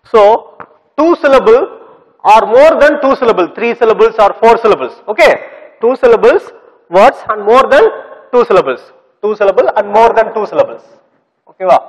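A man's voice: high-pitched, animated, moderate pace. A man teaching a grammar lesson to students, repeating key words, spelling them out and checking whether they understood. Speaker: English teacher. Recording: long reverb, echoey room.

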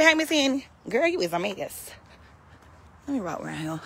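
A woman's voice: medium pitch, sing-song, normal speed, creaky, husky. A woman calling and scolding her farm animals outdoors, as if they were naughty kids. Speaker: vlogger. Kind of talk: casual chat while calling farm animals.

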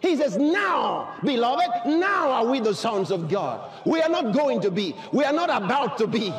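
A man preaching a sermon to a live congregation, fervent and emphatic, often shouting and firing rhetorical questions at the crowd. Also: extremely high pitch, big pitch swings, normal speed. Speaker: pastor.

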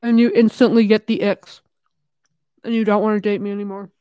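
A young woman talks casually on her live stream in a rambling, frank way, swearing and laughing often. She keeps eating as she talks, so her words come through with food in her mouth. Her voice sits at an ordinary middle pitch for a woman. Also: flat delivery, a little fast, mellow, clean tone. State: eating while talking.

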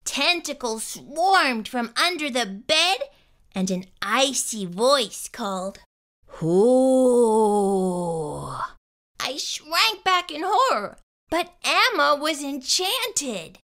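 A woman reading a children's picture book aloud in an expressive storytelling style. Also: high-pitched, takes it slowly.

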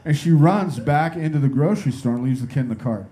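A male stand-up comedian telling a story on a comedy club stage in an incredulous, lively way. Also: a little high, fast talker.

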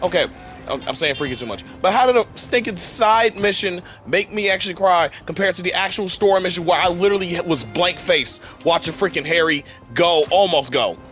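Soft background music plays as a sick young man comments on the game he's playing, his voice affected and a bit worn. He rants in frustration and leans heavily on "freaking," speaking a little fast in a high, fairly bright voice.

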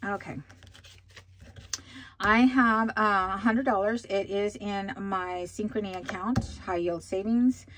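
A woman hosts a casual budgeting video, talking to her viewers as she sorts cash. Her delivery is chatty and full of fillers, slow and easygoing, with bursts of excitement. A faint background hiss sits under her voice. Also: medium pitch. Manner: chatty, many fillers, counts money aloud; bubbly excited exclamations. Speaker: budgeting vlog host. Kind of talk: casual chat while counting cash.

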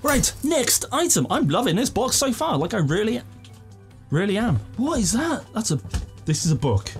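Excitable man unboxing at home. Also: medium pitch. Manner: excitable, enthusiastic, chatty with laughs. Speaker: unboxing video host. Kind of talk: casual unboxing commentary. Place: living room at home.

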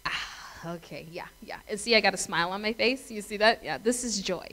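A woman's voice: medium pitch, fast, sharp tone, rough recording. Middle-aged female pastor, conversational sermon, storytelling, acts out voices. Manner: chatty storytelling, asks the congregation questions; acts out voices and laughs in her stories.

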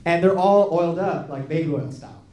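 A man performing stand-up comedy, telling a story and acting out the other people's lines in an animated way. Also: on the high side, fairly quick, slight background noise. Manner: animated, acts out quoted voices. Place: comedy club stage with live audience. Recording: echoey club with crowd laughter.

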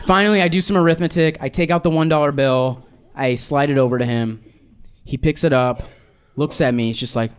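A man in his thirties performing a stand-up set, telling a story in a dry, deadpan way and slipping into exaggerated voices for quotes. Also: mid-range voice, fairly quick, clean tone. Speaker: stand-up comedian. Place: live comedy club with audience laughter. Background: audience laughter.

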